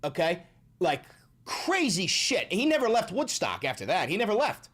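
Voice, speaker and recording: A man's voice: high voice, huge pitch swings, normal speed, fairly bright tone, slightly rough. A man livestreaming, chatting casually with his chat and swearing often, with emphatic repeats. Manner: profane, emphatic, repeats himself.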